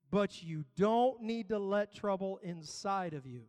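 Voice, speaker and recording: A man's voice: sits high, a little slow, a little mellow, in a large hall. A man preaching a sermon as pastor, building emphasis through repetition. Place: church.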